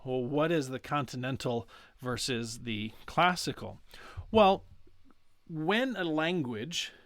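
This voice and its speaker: A man explaining pronunciation in a casual lesson, chatty and self-correcting, stretching sounds out slowly to demonstrate them. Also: mid-range voice, fairly bright tone, no echo. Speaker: language teacher.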